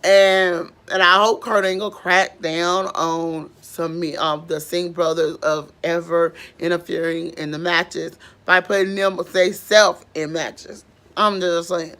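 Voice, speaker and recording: Young woman vlogger with a strained, gravelly voice, talking slowly and rambling through her recap. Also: lowish voice, fairly even intonation, fairly bright tone. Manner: chatty, rambling, with many fillers. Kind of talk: casual recap vlog.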